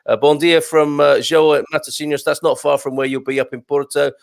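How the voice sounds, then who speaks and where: A man's voice: fairly high pitch, flat delivery, vocal fry, no echo. A man hosting a live show, chatting and reading out viewer comments with plenty of restarts. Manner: chatty, halting, with many restarts. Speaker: host.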